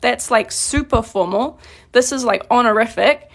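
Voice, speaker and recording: High-voiced woman teaching Korean grammar. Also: moderate pace, gravelly. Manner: explains plainly with many fillers, reads Korean examples then translates. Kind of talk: casual grammar lesson.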